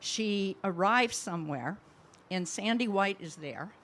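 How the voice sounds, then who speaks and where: A woman's voice: medium pitch, expressive, unhurried, fairly bright tone. A woman speaking at a memorial service, remembering a friend in a reflective, rambling way with fond laughs. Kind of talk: personal eulogy.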